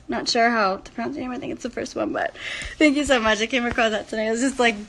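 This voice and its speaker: A woman's voice: fairly high pitch, lively intonation, brisk, long pauses, fairly bright tone. A young woman from San Antonio chatting casually on a late-night phone livestream, gushing and laughing easily. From San Antonio, Texas. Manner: bubbly and gushing, laughs often. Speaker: singer talking to fans on a phone livestream. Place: her room at night. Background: music playing in the background.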